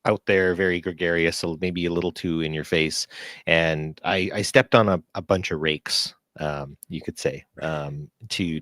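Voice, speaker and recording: Casting note: low-voiced man co-host, reflective and personal, dry sound. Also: a bit bright, dry recording. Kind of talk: casual chat.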